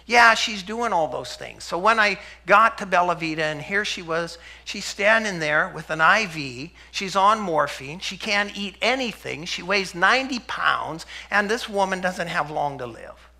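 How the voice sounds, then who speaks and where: A middle-aged man giving a sermon-style testimony, telling stories and acting out the dialogue, dropping to a hush for quoted lines. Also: high voice, lively intonation, a little slow, gravelly, few pauses. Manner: storytelling, acts out dialogue, drops to a hush for quotes. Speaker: preacher and health center speaker.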